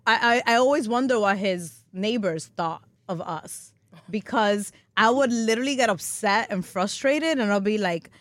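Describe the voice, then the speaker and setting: A woman's voice: mid-range voice, moderate pace, dry recording, clean studio sound. A woman in her thirties hosting a podcast, who talks frankly and chattily and laughs a lot. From New York area. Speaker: podcast host. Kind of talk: casual chat.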